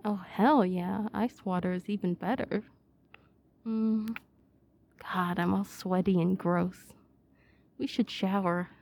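A woman speaks straight to the listener in an intimate audio role-play. She takes her time with each line, unhurried and relaxed. Her delivery is playful and teasing, and giggles break through often. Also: medium pitch, gravelly.

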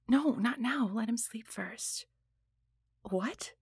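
A woman's voice: fairly high pitch, animated, drawn-out words, a bit bright, no echo, studio quality, heavily acted. A woman voicing a proud, defiant female boss and mother in an adult audio role-play, talking breathily and dropping into whispers. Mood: resigned. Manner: breathy, moaning, sudden whispers.

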